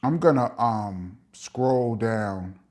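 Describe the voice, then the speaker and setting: A middle-aged man with a New York accent hosts a casual live chat, reading viewer comments aloud and giving long-winded shout-outs. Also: on the low side, animated, extremely slow. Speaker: host of a live chat show.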